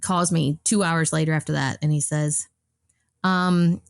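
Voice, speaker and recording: A woman's voice: low-pitched, fairly even intonation, unhurried, vocal fry, dry recording, clean studio sound. A woman guest on a podcast, telling a personal story in a casual, rambling way with many fillers and restarts.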